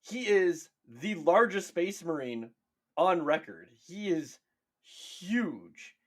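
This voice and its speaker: A man co-hosting a casual podcast, excitable and profane, stretching words for emphasis. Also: sits high, slow. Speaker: podcast co-host. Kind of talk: casual chat.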